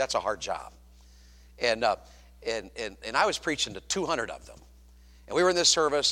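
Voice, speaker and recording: A man preaching a sermon as a pastor, animated, swinging from loud to hushed. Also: medium pitch, creaky.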